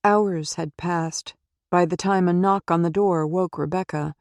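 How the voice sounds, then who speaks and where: Lady reading a suspense audiobook, low mellow voice, steady pace, dry close mic. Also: a little slow, no echo. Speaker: audiobook narrator. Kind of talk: scripted audiobook narration.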